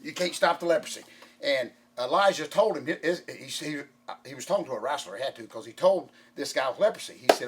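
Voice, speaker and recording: A middle-aged man hosting casual chat, excitable and rambling with many restarts. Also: a little high, quick pace, a little hiss or hum. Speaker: podcast host.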